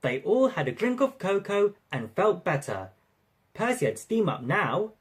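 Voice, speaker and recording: A narrator reading a railway storybook aloud in an expressive, lively way. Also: mid-range voice, unhurried, slightly rough.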